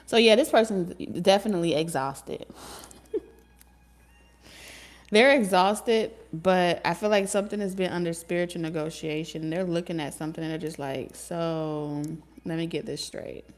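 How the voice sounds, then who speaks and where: A woman with a somewhat low voice gives a casual tarot reading. She talks in a lively, teasing way, laughs often and swears freely. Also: normal speed, soft background music. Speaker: tarot reader.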